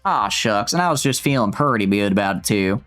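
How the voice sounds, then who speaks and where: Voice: mid-range voice, expressive, a little fast, fairly bright tone, smooth, faint music behind, lightly acted. A streamer voicing a brash young country woman with a put-on Southern drawl, teasing and cocky. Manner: drawling, mocking twang.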